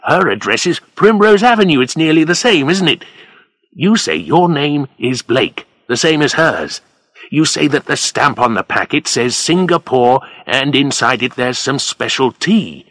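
A man's voice: medium pitch, sing-song, a little slow, a bit bright, no room sound, voice pushed up. A man voicing a nervous, desperate middle-aged man in trouble, pleading and urgent in a storybook reading. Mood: eager, scheming. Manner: pleading, rising and shaking with panic.

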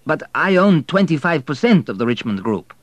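A man's voice: fairly high pitch, very animated, moderate pace, no room sound, muffled recording, voice pushed up. A man voicing an earnest young hotel manager who speaks nervously and eagerly, raised noticeably above his own voice.

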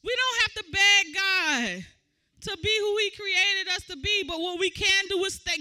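A woman preaching a sermon, moving from conversational teaching to loud, shouted exhortation. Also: very high-pitched, measured pace.

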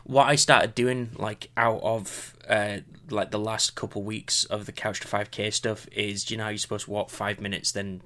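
A man co-hosting a casual chat podcast, rambling and halting with many restarts. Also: lowish voice, flat delivery, sharp tone. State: recovering from illness. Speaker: podcast co-host.

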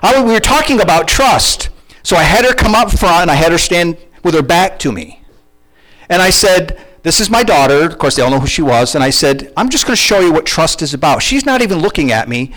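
Animated high-voiced male preacher. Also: fairly quick, rough recording. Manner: animated, conversational preaching with questions to the congregation. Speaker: pastor. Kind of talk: sermon.

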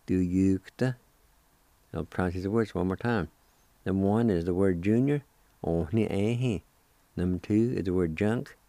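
A man hosts a radio language lesson, spelling and pronouncing words with patient repetition. His voice sits very low and mellow, and he talks slowly. The recording is dry and close. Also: dry recording. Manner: patient, repeats each word several times.

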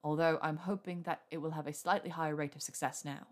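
A woman reading aloud puts on a lovestruck young wizard man with a dropped, husky-low murmur. He talks dryly and teasingly, with a hint of nerves under the charm. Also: fairly even intonation, quick pace, natural voice.

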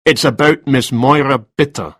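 A man's voice: mid-range voice, normal speed, fairly bright tone, breathy edge, no room sound, studio quality, pitched above the performer's own voice. A man reading a story, voicing a stern male police detective with firm, clipped lines, a little raised from his usual tone.

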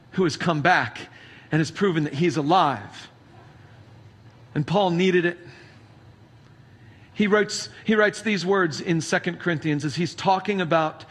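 A male pastor preaching a sermon, reading scripture aloud and then retelling it as a story, moving between hushed passages and emphatic ones. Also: sits high, husky.

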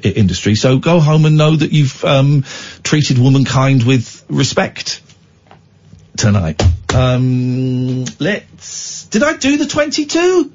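A man's voice: mid-range voice, darkish tone, slightly rough. A man hosting a late-night radio phone-in, talking bluntly and jokily, often rambling and restarting. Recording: dull lo-fi radio broadcast.

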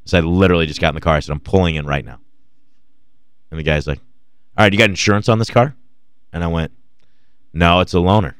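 A man's voice: low-pitched, quick pace, long pauses, a bit bright, clean tone, no echo, clean studio sound. A man co-hosting a radio show, telling casual stories full of quoted dialogue and laughter. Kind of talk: casual storytelling chat.

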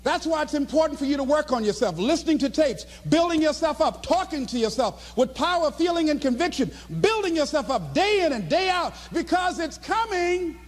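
A man giving a motivational speech in an impassioned, preacher-like way, often raising his voice to a shout. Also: very high-pitched, lively intonation, fairly quick, few pauses, in a large hall. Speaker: motivational speaker.

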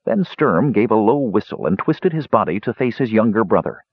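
Husky-voiced male audiobook narrator. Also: fairly low pitch, no room sound. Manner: expressive, measured reading. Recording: dull lo-fi recording.

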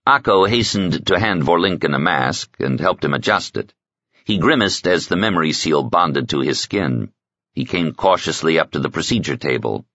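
A man narrating an audiobook in a measured, even storytelling manner. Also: a bass voice, dry recording, dull audio. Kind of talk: scripted narration.

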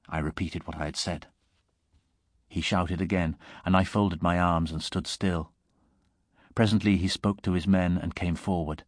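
Deep-voiced man reading a story aloud. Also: no echo, clean studio sound. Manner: measured, steady storytelling delivery. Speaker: reader. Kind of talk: scripted narration of a short story.

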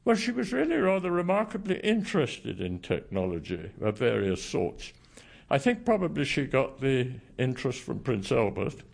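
A man's voice: mid-range voice, vocal fry. A male historian answering interview questions in a thoughtful, hesitant way.

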